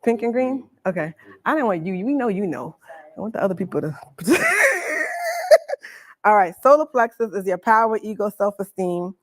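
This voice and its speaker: A woman coaching a live Reiki workshop, chatty and quick to laugh, with casual slang as she walks a group through a demonstration. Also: medium pitch, expressive, no room sound. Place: workshop room with an audience.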